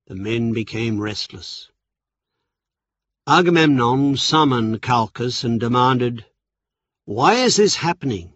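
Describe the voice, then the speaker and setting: A man narrates an old legend at an unhurried, measured pace. His voice sits at an ordinary pitch. The recording is dull and dry, close to the mic. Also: no room sound. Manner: slow, measured storytelling. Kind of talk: scripted audiobook narration.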